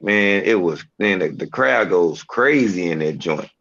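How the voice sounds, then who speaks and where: A man's voice: sits low, animated, unhurried, vocal fry, fairly bright tone, dull audio. A man in casual chat, laid-back and slangy, speaking in an easy drawl.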